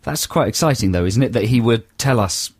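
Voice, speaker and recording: A man's voice: medium pitch, animated, fairly quick, a little mellow, husky, no room sound. A man co-hosting a comic radio show in a studio, reading listener emails with dry asides and playful impressions. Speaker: radio co-host. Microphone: studio microphone.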